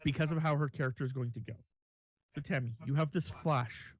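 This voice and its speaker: A man narrating a tabletop game as game master, making it up as he goes, halting and restarting. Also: a little high, dry recording.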